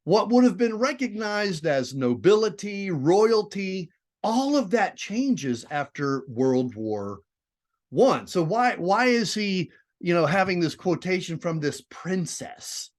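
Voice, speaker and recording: A male literature teacher lectures in an animated, digressive way. His fairly high voice leaps up for emphasis and drops to quiet asides. The pitch moves widely from line to line. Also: takes it slowly. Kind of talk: classroom lecture.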